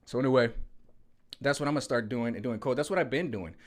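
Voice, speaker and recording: Sweating through a hot day at home, a man vlogs a casual political rant in a quick, medium-pitched voice. It's a rambling, slang-heavy monologue where "you know what I'm saying" keeps popping up.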